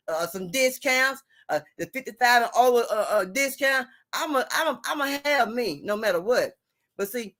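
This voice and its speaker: A woman's voice: a little high, a bit bright. A middle-aged or older woman lecturing viewers on relationships in a blunt, preachy way, often asking if they hear her. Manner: preachy, repeats "you hear me?" and "you see what I'm saying?"; blunt and salty, drawn-out emphasis. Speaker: vlogger giving relationship advice. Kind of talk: emphatic advice rant to viewers.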